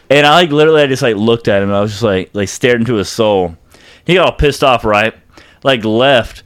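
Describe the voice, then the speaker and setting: A man's voice: medium pitch, quick pace, clear, resonant tone. A man, telling a rambling, profane story in casual podcast chat, with lots of "I was like.". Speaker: podcast co-host.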